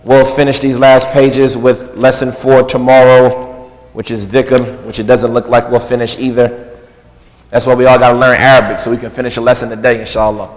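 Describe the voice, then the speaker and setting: A man's voice: medium pitch, little pitch movement, a little fast. A man teaching a religious lesson in a casual, conversational way, saying "like" and "right?" often. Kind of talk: mosque lesson with translation. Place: large mosque hall. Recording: dull lo-fi recording with long hall reverb.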